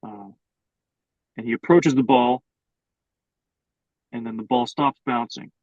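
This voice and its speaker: A man's voice: medium pitch, takes it slowly, a little mellow, dry recording, dull audio. A young adult man improvising a story as co-host, narrating in a hesitant, filler-heavy way. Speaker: podcast co-host.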